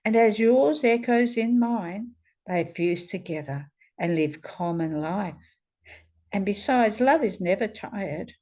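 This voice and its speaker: A woman reading aloud the words of a gentle, loving male divine figure in a slow, measured devotional reading. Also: medium pitch. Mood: marveling.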